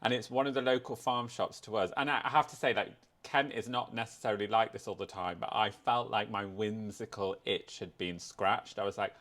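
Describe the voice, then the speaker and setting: A man's voice: lowish voice, fairly even intonation, fairly quick, few pauses, a bit bright. A man from the UK co-hosting a podcast, chatting playfully with a friend. He tells gossipy stories with relish. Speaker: podcast co-host. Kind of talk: casual chat.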